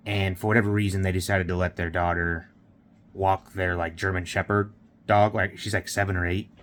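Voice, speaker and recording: A man's voice: deep voice, little pitch movement, normal speed, fairly bright tone, slight background noise. Rambling man vlogging casually. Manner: rambling, filler-heavy retelling with quoted dialogue. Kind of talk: casual vlog storytelling.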